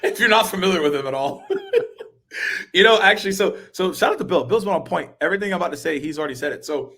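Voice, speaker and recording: A man hosting a webinar over a video call, upbeat and quick to laugh, giving shout-outs to viewers. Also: sits high, lively intonation. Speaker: webinar host. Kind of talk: casual panel chat.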